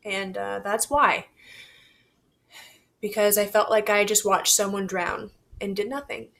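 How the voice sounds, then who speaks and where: A young woman vlogging to camera, talking in a halting, reflective and candid way, swearing casually. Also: mid-range voice, flat delivery, gravelly, fairly bright tone. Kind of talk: personal confessional vlog.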